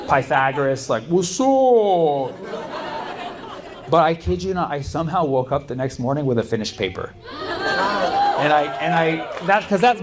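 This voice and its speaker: A young male stand-up comic tells a rambling, casual story, filling his lines with "like" and "you know". He speaks at a middling pitch on a handheld mic. The club recording carries clear audience noise behind him. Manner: loose, rambling delivery with frequent "like" and "you know". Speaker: stand-up comedian. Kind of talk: stand-up comedy with crowd work. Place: comedy club stage before a live audience.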